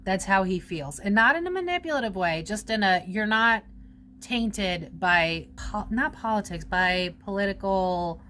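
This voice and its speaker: Woman psychic, chatty unscripted reading, mid pitch, loose and rambling, light room hum. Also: expressive, unhurried, sharp tone. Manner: rambling, swears casually, many fillers. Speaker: psychic reader. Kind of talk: casual psychic reading monologue.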